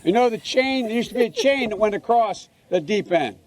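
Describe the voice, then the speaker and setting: An older man tells a long, meandering anecdote in public. His voice is notably high for a man, and he keeps correcting himself and losing the thread in the middle of phrases. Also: expressive, a little fast. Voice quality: meandering, self-correcting, trailing off mid-phrase. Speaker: politician speaking to a crowd. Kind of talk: rambling anecdote.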